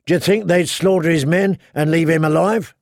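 A man's voice: on the high side, moderate pace, gravelly, no echo, studio quality. A man doing a growling brutal warrior. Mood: shouting. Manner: growling, barked orders. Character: brutal battle-hardened man, gruff and contemptuous.

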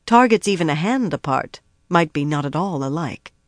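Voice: mid-range voice, lively intonation, normal speed, no room sound, studio quality, close to an everyday voice. A reader voicing a cautious, commanding older woman. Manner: cautious, careful speech.

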